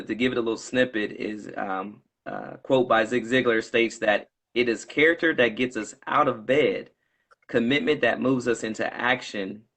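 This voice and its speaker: A man's voice: medium pitch, fairly bright tone. Encouraging man hosting an interview. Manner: encouraging, frequent affirmations. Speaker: interview host, company CEO. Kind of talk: casual interview chat.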